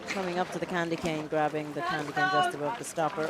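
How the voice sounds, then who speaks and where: A woman's voice: deep voice, wildly swooping pitch, fast, heavy background noise. A woman giving live sports commentary in a chatty, encouraging way, cheering the athletes on.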